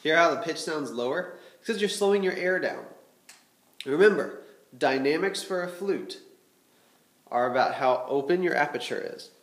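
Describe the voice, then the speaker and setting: A man's voice: fairly high pitch, animated, moderate pace, long pauses, a bit bright, roomy sound. A man teaching a flute lesson, explaining patiently and checking in with his students. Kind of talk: music lesson instruction.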